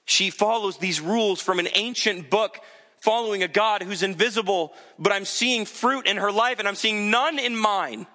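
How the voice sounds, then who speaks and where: A man's voice: on the high side, normal speed, bright, forceful tone, long reverb tail. A male pastor preaching an earnest, urgent sermon and acting out the voices of the people he quotes.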